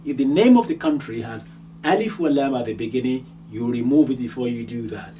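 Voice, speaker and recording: A man with a medium-pitched, warm voice speaks a little fast as he teaches a grammar lesson step by step. As a language teacher, he patiently repeats each word and ending many times. The mic is distant, and a faint hum sits behind him.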